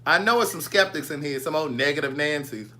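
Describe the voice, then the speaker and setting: A man's voice: fairly high pitch, expressive, brisk, pushed and bright, a little hiss or hum. Chatty man talking to viewers. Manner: chatty, playful, answers viewer comments. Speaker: vlogger. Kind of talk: casual live chat with viewers. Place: home kitchen.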